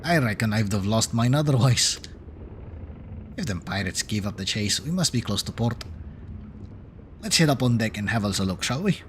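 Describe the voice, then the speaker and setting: A man voicing a chatty, worldly male sea traveler from a game, with a gruff, drawling put-on accent. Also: fairly low pitch, animated, normal speed, pauses often, slight background noise, lightly acted. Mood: relieved. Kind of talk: reading game dialogue aloud in character. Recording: game music clearly behind. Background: game music.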